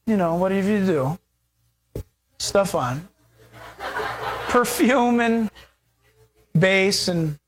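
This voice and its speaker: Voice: mid-range voice, slow, long pauses, a little hiss or hum, close to an everyday voice. A preacher doing Naomi, a chatty scheming mother-in-law. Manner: chatty, conspiratorial, casual modern slang.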